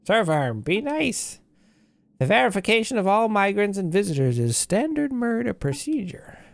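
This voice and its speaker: A man's voice: high-pitched, big pitch swings, normal speed, gravelly, dry recording, voice pushed up, full character voice. A man voicing a polite, earnest young female adventurer who scolds her grumpy companion.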